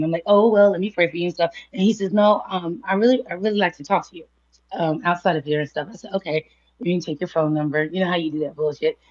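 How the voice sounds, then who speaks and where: A woman's voice: on the low side, highs cut off. A woman telling a long personal story in a casual chat, laughing often and acting out what others said. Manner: chatty, laughs often, quotes others in a livelier voice. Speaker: guest speaker. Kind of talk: casual storytelling on a live audio panel.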